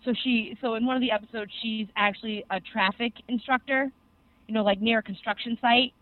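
Reviewing anime in a casual podcast chat, a young adult co-host tells stories excitably, rambling and leaning on lots of fillers. The mid-range voice moves a little fast, and the sound is tinny but free of echo.

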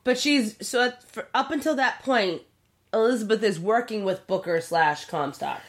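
A woman's voice: medium pitch, normal speed. A woman co-hosting a casual chat, chiming in with questions and jokes while her friend tells a story. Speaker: podcast co-host.

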